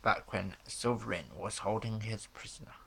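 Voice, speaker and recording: A man reading a story game's narration aloud, in a flat, unhurried way with small stumbles and casual asides. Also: on the low side, vocal fry, slight background noise.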